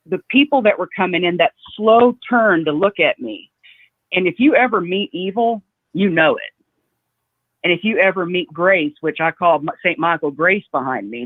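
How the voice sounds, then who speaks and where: A woman tells an emotional story as a caller to a talk show, stopping and restarting and leaning on "you know". Her voice comes through a thin, tinny phone line. There is no room echo. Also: lowish voice. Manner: halting, repeats "you know".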